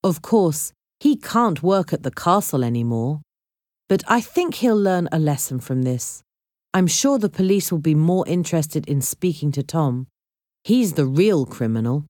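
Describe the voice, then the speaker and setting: Gracious older gentleman lord in a storybook, composed, voiced by a woman narrator. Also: deep voice, very animated, a little slow, no echo, clean studio sound.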